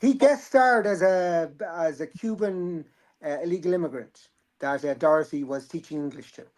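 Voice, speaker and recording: A man's voice: fairly high pitch, moderate pace, darkish tone. A man, hosting a casual boxing chat, rambling and joking, swearing freely. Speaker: boxing podcast host.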